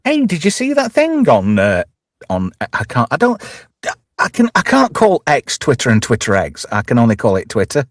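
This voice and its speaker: A man hosts a loose, joking chat show, rambling through stories with lots of restarts. His pitch swings widely as he talks, and the sound is close and dry, with no room around it. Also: wildly swooping pitch, normal speed, no room sound. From lived in Alberta, Canada. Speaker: host. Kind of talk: casual livestream banter.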